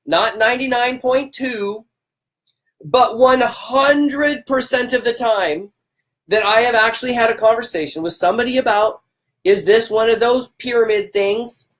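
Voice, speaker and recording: A man's voice: very high-pitched, a bit bright. Fired-up man ranting on a live stream. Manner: fired up, emphatic, repeats himself; greets viewers by name. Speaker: livestream host.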